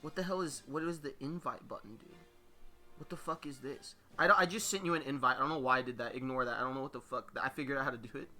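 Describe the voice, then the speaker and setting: A man hosting a fighting-game tournament stream, chatting casually, rambling and swearing with quick laughs. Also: medium pitch, sharp tone, faint music behind. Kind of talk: casual live-stream chat.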